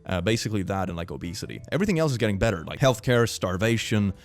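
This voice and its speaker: A young man giving casual reaction commentary, sarcastic and quick to laugh, with frequent puns. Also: fairly low pitch, expressive, faint music behind.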